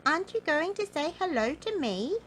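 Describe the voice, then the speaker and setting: A woman voicing a cheeky little male goblin in a high, squeaky, teasing voice for a storybook. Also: sing-song, normal speed, a bit bright, a little hiss or hum.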